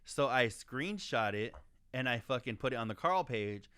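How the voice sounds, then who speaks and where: A man co-hosting a podcast, telling a story in profane, animated casual chat. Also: mid-range voice, moderate pace, clear, resonant tone. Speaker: podcast co-host.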